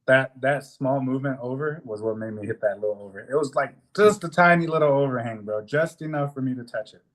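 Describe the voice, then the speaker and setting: A young man on a podcast, casually telling a work story with heavy swearing and laughter. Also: mid-range voice. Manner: animated, swears a lot, laughs through the story. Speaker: podcast co-host.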